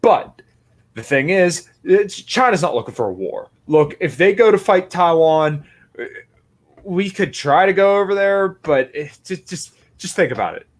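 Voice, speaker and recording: A man in a casual political podcast chat, talking in an animated way, full of restarts. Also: high-pitched, unhurried. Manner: animated, talks with restarts and fillers.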